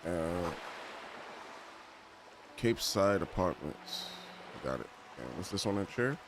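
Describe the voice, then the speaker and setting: Low-voiced man playing a game. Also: animated, slow pace, noisy background. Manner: reads game text aloud with joking asides. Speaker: game streamer. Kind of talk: casual gameplay commentary.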